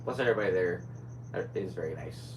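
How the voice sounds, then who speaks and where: A man's voice: low voice, fast, noisy background. A young man hosting a casual solo podcast, rambling and scatterbrained as he chats. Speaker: podcast host.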